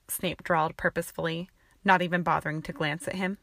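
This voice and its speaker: A woman narrating a fan-fiction audiobook with an even, steady reading. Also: on the low side, a little fast, creaky, no echo, clean studio sound.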